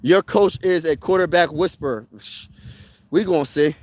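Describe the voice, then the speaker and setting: A man hosting a casual sports talk stream outdoors, answering his chat in an excitable, slangy way and repeating himself for emphasis. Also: a little high, normal speed, low-quality recording. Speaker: sports channel host. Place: outdoors, windy.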